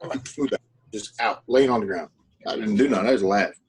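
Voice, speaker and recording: A man's voice: fairly low pitch, brisk, husky, low-quality recording. A man, a podcast guest, talking in loose, profane casual chat.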